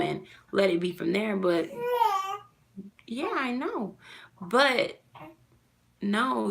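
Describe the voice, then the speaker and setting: A woman's voice: medium pitch, vocal fry, a bit bright. A mother pouring out a heartfelt, rambling rant to camera, full of "you know" fillers. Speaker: mother vlogging about her custody loss. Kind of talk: casual personal rant to camera.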